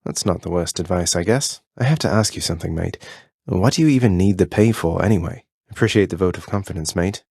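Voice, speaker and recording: Zagreus, a deep-voiced underworld prince. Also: male voice, brisk, creaky, darkish tone, husky, dry recording, clean studio sound, heavily acted. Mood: wry. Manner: polite and earnest, wry with friends. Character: young male prince of the underworld, earnest and cheeky. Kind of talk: video game voice lines.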